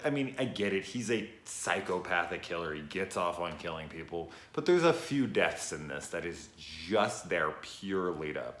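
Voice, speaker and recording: A deep-voiced man rambles through a horror movie review, swearing freely and sniffing between thoughts. His pitch swings widely as he talks, and the room around him rings with echo. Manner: profane, rambling, animated, sniffs often. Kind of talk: casual spoken movie review. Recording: echoey room.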